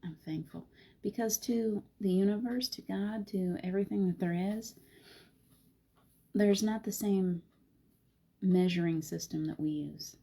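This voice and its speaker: A middle-aged woman hosting a casual live talk show, speaking gently and reflectively about spirituality. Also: mid-range voice, a little slow, creaky, pauses often, slightly rough. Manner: gentle, reflective, soft-spoken with frequent laughs. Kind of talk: casual live-stream chat.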